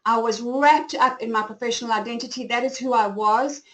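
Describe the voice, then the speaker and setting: A woman's voice: a little high, brisk, fairly bright tone, low-quality recording. A woman in her forties with a South African accent, hosting a live webinar and telling her own story in an effusive, open way. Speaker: webinar host and company founder.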